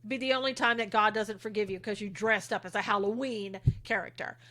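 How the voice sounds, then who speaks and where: A woman's voice: mid-range voice, steady tone, fairly quick, bright, forceful tone. Sarcastic chatty woman livestreaming. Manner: sarcastic, chatty, laughs often. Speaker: livestream host reading viewer comments. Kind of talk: casual sarcastic livestream chat.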